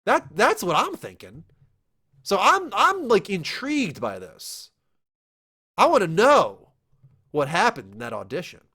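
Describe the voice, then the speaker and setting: A young man hosting a casual entertainment news show, talking in an excitable, animated way with quick asides. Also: high-pitched, breathy edge. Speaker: show host.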